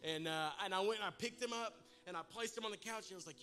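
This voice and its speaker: High, bright-voiced pastor preaching. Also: male voice, fast talker, hardly any pauses, soft background music. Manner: animated, humorous storytelling, addresses the congregation directly. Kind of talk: sermon with a comic personal story. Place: church service in a large room.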